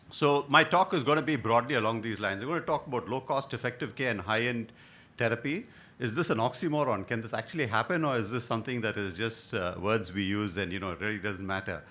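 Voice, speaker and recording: A man's voice: mid-range voice, pushed and bright. A middle-aged man from India giving a conference lecture as a hematologist, with hesitant fillers and rhetorical questions.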